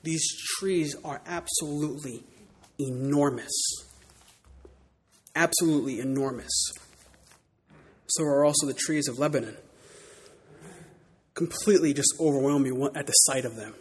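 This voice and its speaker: A man preaching a sermon in church, dramatic, swinging from loud declarations to hushed words. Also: fairly high pitch, unhurried, long pauses, slightly rough, long reverb tail. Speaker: pastor.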